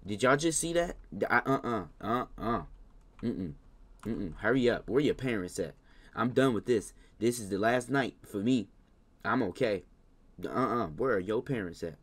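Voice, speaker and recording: Guy doing let's-play commentary, slangy and animated, yelling at the game then mumbling, keyboard clacking behind. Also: on the low side, moderate pace. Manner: animated, talks to the game, scolds the baby in loud bursts; slangy casual talk. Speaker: gaming YouTuber.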